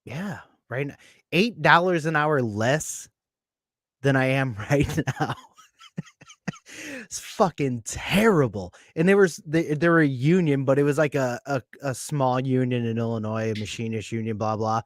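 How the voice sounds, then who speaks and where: A man's voice: medium pitch, a little slow, dry recording, clean studio sound. A man hosting a podcast, speaking bluntly with heavy swearing and frequent laughter. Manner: blunt, profane, laughs often. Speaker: podcast host. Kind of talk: casual podcast chat.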